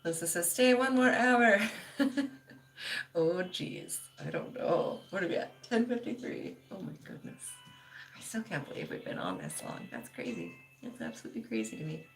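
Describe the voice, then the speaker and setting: A woman's voice: sits low, huge pitch swings, normal speed, gravelly, soft background music. A woman hosting a casual livestream, chatting loosely with lots of "like" and laughing often as she reads viewer comments. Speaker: livestream host.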